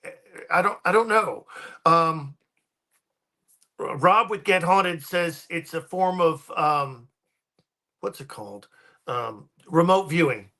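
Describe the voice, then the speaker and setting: A man guesting on a podcast, chatting casually and winding through his stories with frequent ums and restarts. His voice is fairly high and bright. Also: animated, slow pace, pauses often. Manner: rambling, many ums and restarts. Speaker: guest paranormal researcher.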